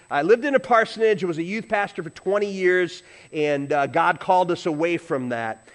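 A middle-aged man preaching a storytelling sermon, swinging from hushed asides to loud, excited passages. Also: high-pitched. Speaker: pastor.

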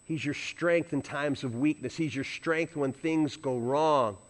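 A man's voice: on the high side, measured pace. Man preaching a conversational sermon. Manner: conversational, asks the congregation questions. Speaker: pastor.

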